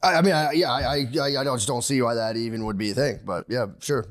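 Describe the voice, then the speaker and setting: A man in his thirties co-hosting a podcast, rambling and excitable, acting out quotes as he tells stories. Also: medium pitch, fast. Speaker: podcast co-host. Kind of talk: casual chat. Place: podcast studio.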